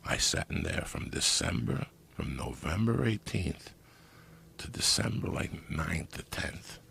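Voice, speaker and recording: A middle-aged man telling stories in casual podcast talk, profane and animated. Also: low-pitched, unhurried, creaky, a little hiss or hum. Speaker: guest storyteller.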